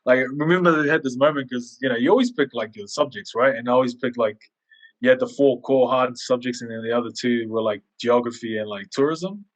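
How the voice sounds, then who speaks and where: A man chatting on a podcast with a middle-pitched voice, telling school stories with lively energy. He acts out the people he quotes. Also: a little fast, low-quality recording.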